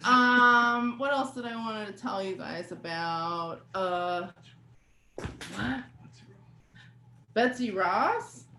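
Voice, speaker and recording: A woman doing a stand-up comedy set, talking conversationally and swearing, with sudden loud outbursts. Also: mid-range voice, drawn-out words, pauses often. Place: comedy venue with live audience. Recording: echoey room, faint background noise.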